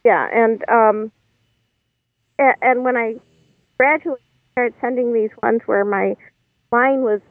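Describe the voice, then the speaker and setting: A woman's voice: a little high, steady tone, slow pace, pauses often, no room sound. A woman guest on a podcast, talking hesitantly with many ums over a phone line. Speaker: guest caller. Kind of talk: casual interview chat. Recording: tinny dry phone line.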